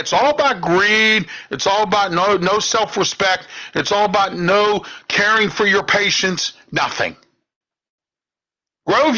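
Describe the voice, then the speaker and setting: On a low-quality recording, a Pittsburgh-area man hosting a talk show delivers an indignant political rant. He keeps repeating "okay?" and "all right?" in a high, sharp voice.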